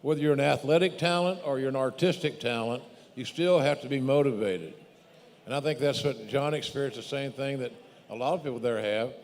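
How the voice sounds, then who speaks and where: A man hosting a podcast, telling his own story in a measured, opinionated way. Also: medium pitch, darkish tone. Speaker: podcast host. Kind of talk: podcast conversation. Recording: long hall reverb.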